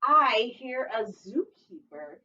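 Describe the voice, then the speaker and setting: A young woman librarian reading a picture book aloud for a children's storytime in a lively sing-song way, often laughing. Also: on the high side, slow. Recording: distant dull mic in a room.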